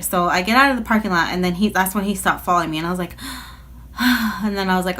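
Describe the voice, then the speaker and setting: A woman's voice: lowish voice, quick pace, a bit bright. A woman telling a personal story in a casual storytime video, chatty and rambling, with lots of filler words. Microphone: phone.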